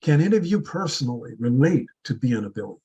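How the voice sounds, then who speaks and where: Man, motivational speech, husky, mid-pitched, deliberate, rhetorical questions. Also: big pitch swings, warm tone, muffled recording. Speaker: club speaker.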